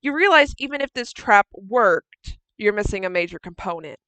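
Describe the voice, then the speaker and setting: A woman's voice: medium pitch, expressive, normal speed, pushed and bright, smooth, no echo. Woman playing a smug taunting villain. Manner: mocking, smug. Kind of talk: acting out a tabletop game character.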